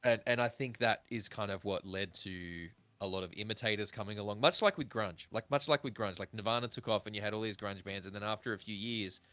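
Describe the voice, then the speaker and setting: A man in his thirties hosts a casual music podcast and rambles with animated energy, swearing freely as he goes. His voice sits a touch low but comes across bright and forceful. The recording is close and dry. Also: fairly quick, few pauses, no room sound. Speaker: podcast host. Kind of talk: casual chat.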